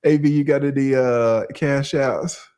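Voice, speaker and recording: A man hosting a livestream, talking casually and profanely, reading out viewer shout-outs. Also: medium pitch, unhurried, clear, resonant tone. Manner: animated, profane, reads out chat shout-outs. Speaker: host.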